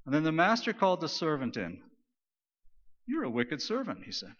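A man preaching a sermon, retelling scripture in a casual, animated paraphrase. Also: a little high, normal speed. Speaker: pastor. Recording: dull lo-fi sound with long hall reverb.

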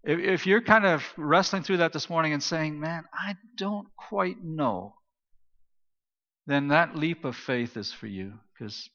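A male pastor delivers a sermon in a loose, anecdotal way, with plenty of ums and restarts. His voice is bright and pushed forward. It rings through a big reverberant church hall on a dull, muffled recording. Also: fairly high pitch, normal speed, hardly any pauses. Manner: conversational, anecdotal, many fillers and restarts. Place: church auditorium.

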